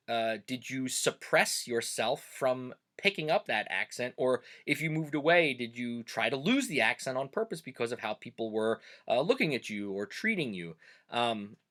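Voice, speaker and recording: A middle-aged Pennsylvania man with a Pennsylvania Dutch accent, a German teacher, hosts a cultural video series. His medium-pitched, fairly bright voice carries a casual, reflective talk full of fillers.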